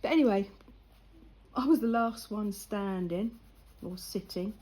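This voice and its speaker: Older woman with a husky voice. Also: mid-range voice, measured pace, darkish tone, low-quality recording. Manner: chatty, laughing anecdotal storyteller. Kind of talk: casual chat while colouring.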